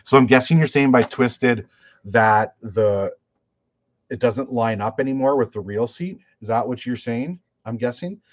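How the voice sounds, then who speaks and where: A man's voice: medium pitch, measured pace, no room sound. A man, a fishing guide, chatting casually on a live stream, telling stories with many restarts and fillers. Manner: rambling storyteller with many restarts and "like". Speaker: fishing guide and YouTuber hosting a live chat. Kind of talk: casual live-stream chat, reading viewer questions. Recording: dull, lo-fi, dry sound.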